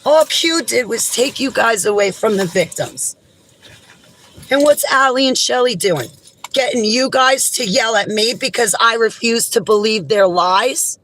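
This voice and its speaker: A woman vlogger delivering an impassioned, indignant monologue straight to camera, swinging between raised outbursts and low, heavy statements. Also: unhurried, a bit bright, a little hiss or hum, low-quality recording.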